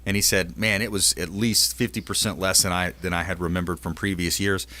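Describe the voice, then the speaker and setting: A man's voice: sits low, fairly even intonation, a little fast, sharp tone. A man hosting a casual radio talk show, upbeat and salesy, trading tips with his guests. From Tampa Bay area, Florida.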